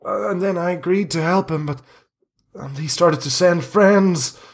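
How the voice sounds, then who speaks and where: A man's voice: a little slow, gravelly. A man voicing a terrified, jittery middle-aged male coffinmaker who stammers and pleads in a raised voice. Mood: fearful. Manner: panicky, stammering, high and pleading.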